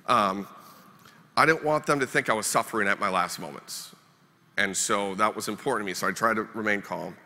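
Keynote speaker from Minnesota, wry and self-deprecating, lowish bright voice, long hall reverb. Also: male voice, fairly quick. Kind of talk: storytelling keynote speech. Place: conference hall.

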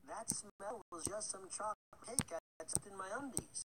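A man's voice: sits high, moderate pace, pitched above the performer's own voice, close to an everyday voice. A man voicing a dim, greedy young boy in a storybook reading, dry and offhand. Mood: deadpan. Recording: loud background noise with clicks.

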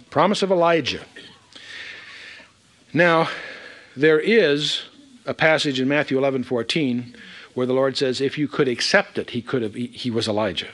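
A man's voice: medium pitch, normal speed, pauses often, a bit bright. A man giving a verse-by-verse Bible teaching, reading scripture aloud with emphatic asides.

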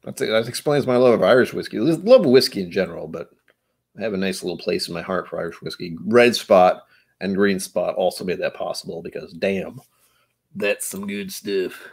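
A man's voice: deep voice, normal speed, creaky, slightly rough. A man hosting a casual chat, rambling and self-mocking, who now and then slips into joke accents. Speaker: host.

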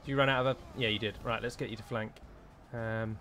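A British man plays a strategy game and narrates it for viewers, getting exasperated and swearing freely as the battle turns against him. His voice sits lowish with a fairly bright tone, and he talks quickly but steadily.

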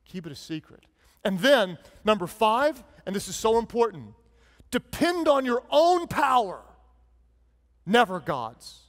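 A male pastor delivers an emphatic sermon in a fairly high voice. His words ring out with a long reverb, as in a large church hall. He preaches with punchy, animated emphasis, sometimes in mock sarcasm and sometimes in earnest.

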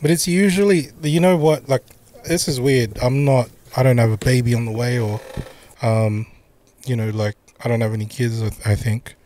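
A man's voice: mid-range voice, steady tone, normal speed, mellow, slight background noise. A man co-hosting a casual podcast chat, laid-back and slangy, throwing in bro and dude. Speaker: podcast co-host.

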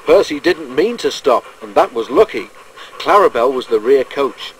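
A man reading a children's railway storybook aloud in a measured, gentle storytelling manner. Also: medium pitch, big pitch swings, a little hiss or hum, low-quality recording. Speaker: narrator.

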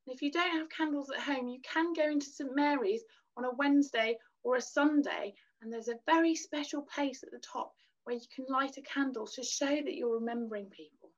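A woman leading a gentle children's worship lesson, teaching in a soothing sing-song voice and singing simple lines for children to repeat. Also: sits high, brisk. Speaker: children's church leader. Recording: dull lo-fi recording.

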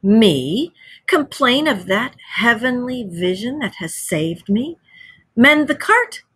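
A woman's voice: on the high side, sing-song, slow, fairly bright tone, slightly rough, dry recording, pitched above the performer's own voice, exaggerated voice. A woman doing an entranced, murmuring storybook toad. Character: dreamy, vain male toad, obsessed.

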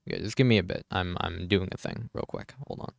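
Low, creaky and fairly quick, this man speaks with fairly even intonation in a dry, studio-quality recording. He streams a game in casual chat, repeatedly muttering "hold on" as he fiddles with settings, swearing offhandedly and answering viewers.

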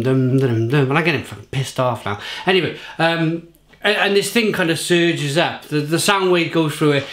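Give me a British man ranting angrily to camera, swearing and rambling. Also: a little high. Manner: sweary, rambling, repeats himself. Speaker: beer reviewer and pub manager. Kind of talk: angry rant to camera.

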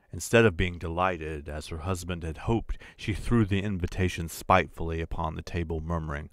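A man narrating a classic short story as an audiobook in a measured, deliberate way. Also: low voice, fairly even intonation, dry recording. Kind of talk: scripted literary narration.

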